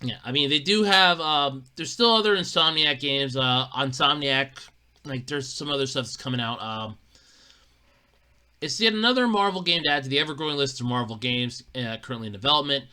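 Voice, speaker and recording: A solo podcast host ranting about gaming news, emphatic and profane. They repeat and restart when worked up, and swing between low mutters and loud outbursts. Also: animated, a little fast, clear, resonant tone.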